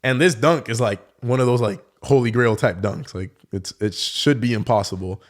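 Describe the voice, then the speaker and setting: A man's voice: mid-range voice, moderate pace. Young man telling stories casually. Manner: relaxed storytelling, many fillers like "like". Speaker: guest, professional dunker. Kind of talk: casual podcast conversation.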